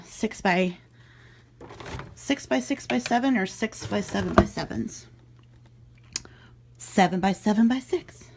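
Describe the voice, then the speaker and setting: With a mid-range voice and a little background noise, a breathless middle-aged woman chats in a relaxed home vlog, thinking out loud as she sorts items she resells online.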